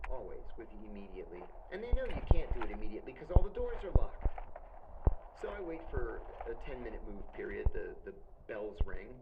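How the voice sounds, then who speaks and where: A man's voice: mid-range voice, gravelly, highs cut off. A middle-aged man telling a story in conversation as a podcast guest, acting out the voices of the people he quotes. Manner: animated, acts out quoted voices. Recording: noisy recording.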